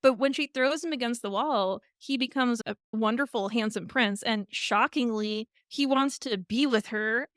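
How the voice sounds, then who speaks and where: A woman co-hosting a podcast, casually retelling a fairy tale with animated storytelling. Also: on the high side, normal speed, hardly any pauses, dry recording. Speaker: podcast co-host. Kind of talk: casual chat.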